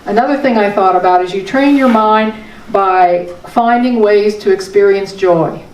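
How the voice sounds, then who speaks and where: A woman's voice: mid-range voice, normal speed, a little mellow, far from the mic, a little hiss or hum. Woman preaching in a roomy hall. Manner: conversational, emphatic, with small laughs. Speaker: spiritual teacher. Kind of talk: sermon. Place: spiritual center hall.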